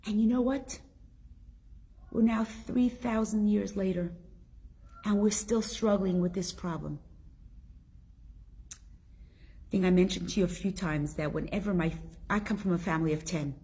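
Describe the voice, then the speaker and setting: A woman's voice: medium pitch, a little slow, pauses often, warm tone, slightly rough. A middle-aged woman teaching a Torah class, telling stories emphatically and asking the listeners rhetorical questions. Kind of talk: spoken Torah lesson.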